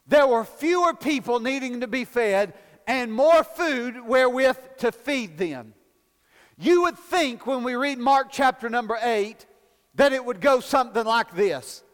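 A man preaching a folksy sermon, building to shouted emphasis and calling for amens in a church. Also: extremely high pitch, lively intonation, unhurried, in a large hall. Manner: folksy, rising to shouted emphasis, calls for amen.

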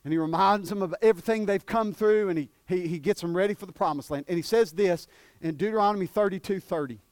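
A male preacher, delivering a sermon that swings between shouted peaks and hushed, drawn-out passages. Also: high-pitched, dry recording.

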